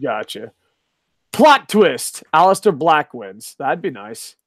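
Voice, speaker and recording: A man's voice: fairly high pitch, big pitch swings, takes it slowly, no room sound, studio quality. A man co-hosting a casual wrestling chat, sarcastic and swearing freely, laughing at his own jokes. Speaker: podcast co-host.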